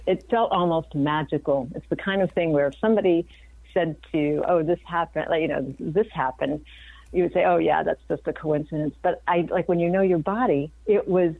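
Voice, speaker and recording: A woman's voice: low-pitched, dry recording. A woman in her fifties, a physician guest on an interview, talking earnestly and reflectively, often restarting her sentences. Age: 50s. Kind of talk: conversational interview. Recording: dry, phone-like remote audio.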